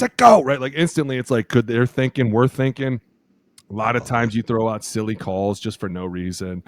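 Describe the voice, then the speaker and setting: A man co-hosting a casual podcast, a former lineman telling animated stories and acting out teammates' shouted calls, swearing freely. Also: a little fast, no echo, clean studio sound. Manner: animated storyteller acting out teammates' calls in loud high voices.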